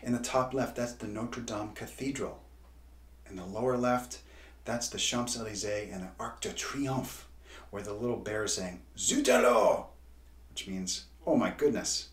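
A man's voice: on the low side, steady tone, normal speed. A man who writes and illustrates children's books, reading a story aloud and then leading a drawing lesson with encouraging teacher talk. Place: home art studio. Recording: roomy studio.

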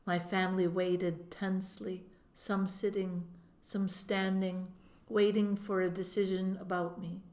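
A woman narrates an audiobook at a measured storytelling pace, in a voice of ordinary pitch for a woman. The room around her adds a noticeable echo. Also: flat delivery, darkish tone. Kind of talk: audiobook reading. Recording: roomy echo.

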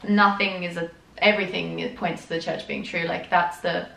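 A woman's voice: lowish voice, level tone, moderate pace, gravelly, a bit bright. Woman podcast co-host, casual, reads text aloud with frequent laughs, echoey room. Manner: chatty, laughing often between readings. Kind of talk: casual chat, reading a journal aloud. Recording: roomy, distant mic.

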